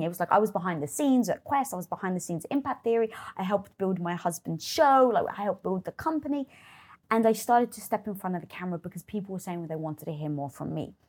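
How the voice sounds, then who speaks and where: A middle-aged woman speaks in an interview with a husky, slightly breathy tone. Her pitch swings widely as she acts out the voices in her head and drops into blunt swearing. The delivery is open, lively and conversational. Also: fairly quick. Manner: animated, acts out her inner voice, swears freely. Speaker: guest.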